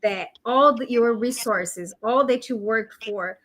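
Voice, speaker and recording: Soft-asking woman host, slightly high. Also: slow pace. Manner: brief affirmations, gentle questions. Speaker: podcast host. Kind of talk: interview host.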